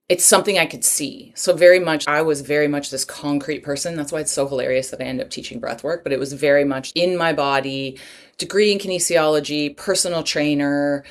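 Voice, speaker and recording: Low-voiced candid woman telling her story. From Los Angeles area, United States. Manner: candid and animated, acts out her own past dialogue. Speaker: podcast guest, writer and breathwork teacher. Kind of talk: candid storytelling in a podcast interview.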